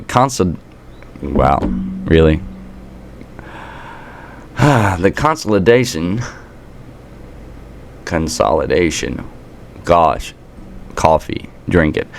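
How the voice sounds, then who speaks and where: A man's voice: low-pitched, a little hiss or hum. A man from the United States hosting a political commentary rant, combative and sarcastic, now and then stumbling over words and restarting. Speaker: commentary channel host.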